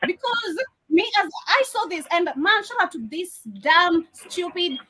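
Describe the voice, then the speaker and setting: A woman from Africa runs a casual livestream, speaking bluntly and emphatically with a sarcastic edge. Her voice sits high and sounds bright and forceful. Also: animated, measured pace, a little hiss or hum. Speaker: livestream host.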